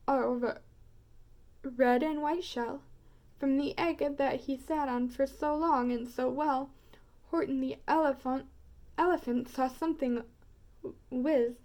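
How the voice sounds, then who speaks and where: A woman storyteller reading a rhyming picture book aloud, expressive and rhythmic. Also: sits high.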